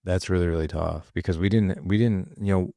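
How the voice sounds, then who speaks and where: A man's voice: low voice, fairly even intonation, brisk, gravelly, dark tone, no echo. A middle-aged man hosting a podcast, chatting casually with his son and reacting with short remarks. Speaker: podcast host, father. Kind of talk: casual conversation.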